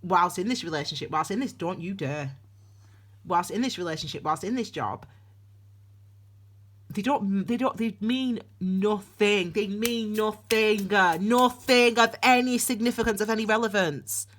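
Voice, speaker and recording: A woman's voice: mid-range voice, unhurried. A woman, giving a casual tarot reading to camera in a chatty, rambling way, laughing and restarting her sentences. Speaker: tarot reader. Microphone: camera on desk.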